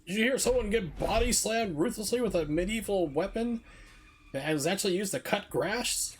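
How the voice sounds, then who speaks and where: A man's voice: high-pitched, animated, normal speed, slight background noise. A man streaming a video game live, talking casually through his play with lots of "like" fillers and wry asides. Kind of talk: casual live gameplay commentary. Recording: game music behind voice. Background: game music and sound effects.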